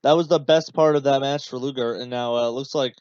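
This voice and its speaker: A man hosts a casual podcast watch-along, rambling with many fillers and taking on a sarcastic, exasperated edge. His middle-pitched voice is fairly quick, fairly even, a little mellow and smooth. The recording is dull and dry, with no room sound or echo.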